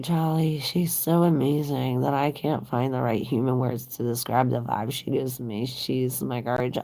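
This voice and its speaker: Low, gravelly tarot reader, slow and husky. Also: female voice, darkish tone. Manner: chatty, reads and answers viewer comments aloud. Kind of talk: casual live-stream tarot reading.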